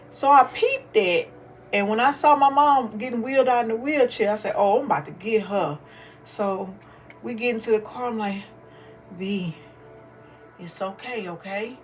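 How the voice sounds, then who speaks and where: A woman's voice: medium pitch, moderate pace, soft background music. A middle-aged woman, the host's mother and a podcast guest, telling a family story in a matter-of-fact, casual way.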